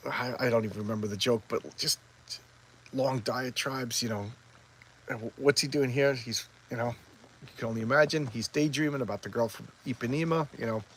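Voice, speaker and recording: A man's voice: medium pitch, fairly quick, a bit bright, slight background noise. A man casually recapping a comic, rambling and acting out the characters' lines. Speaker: comic book reviewer.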